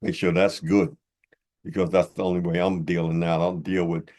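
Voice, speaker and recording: A man's voice: low-pitched, flat delivery, normal speed, a little mellow. An older man delivering a heated rebuttal monologue as a religious commentator, combative, mocking and blunt, in a preacher-like manner. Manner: blunt and informal.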